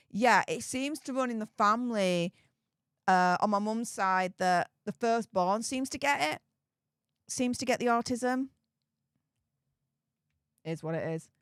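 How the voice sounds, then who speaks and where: A British woman hosting a live stream, chatting casually, laughing often and reading out viewer comments in a frank, animated way. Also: mid-range voice, smooth, no echo, studio quality. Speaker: livestream host reading viewer chat.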